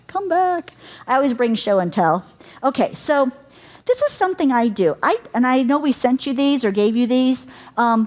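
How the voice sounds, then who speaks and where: A middle-aged woman with a somewhat high voice leads a caregiving workshop in a lecture room. She is chatty and laughs easily, and she keeps turning to the audience with questions. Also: darkish tone. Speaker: caregiving educator. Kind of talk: live workshop talk to an audience.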